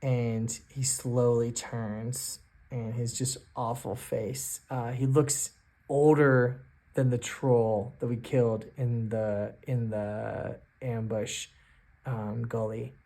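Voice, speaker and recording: Halting man narrating a solo tabletop game. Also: mid-range voice, level tone, mellow. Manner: halting, thinking aloud with many restarts. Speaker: solo game master and player. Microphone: self-recorded on camera.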